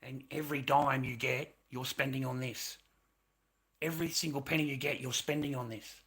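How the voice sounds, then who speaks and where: A man's voice: mid-range voice, steady tone, normal speed, a bit bright. A man hosting his own livestream, rambling and swearing as he vents his frustrations in an unscripted rant. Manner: rambling, profane, venting frustration. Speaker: livestream host.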